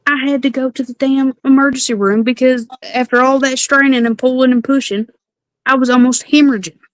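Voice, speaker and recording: A woman's voice: high voice, fairly even intonation, a little fast, no echo. Candid woman guest, dry sound. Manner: candid, confiding. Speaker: guest on a livestream. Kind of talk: casual chat on a livestream.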